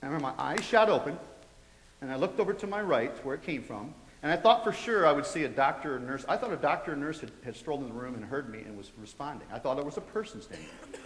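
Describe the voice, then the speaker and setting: A man giving a testimony to students, telling it in an animated way and acting out his own reactions. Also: mid-range voice, quick pace. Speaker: guest speaker sharing a testimony. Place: large college hall. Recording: echoey hall.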